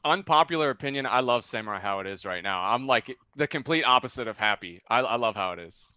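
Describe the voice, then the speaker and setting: A man in a casual gaming chat, giving earnest, measured opinions. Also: mid-range voice, expressive, bright, forceful tone, smooth, dry recording, studio quality.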